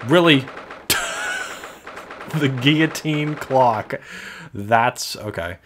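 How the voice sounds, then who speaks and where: A man's voice: medium pitch, very slow, a bit bright, slight background noise. A young man casually commenting on a video game he is playing, wry and self-deprecating. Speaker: let's player. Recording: faint game music behind.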